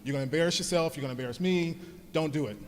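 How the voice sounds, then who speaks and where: A man's voice: on the high side, very fast, close to an everyday voice. Guy quoting his stern dad, blunt and matter-of-fact, long hall echo. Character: stern, dry-humored middle-aged father.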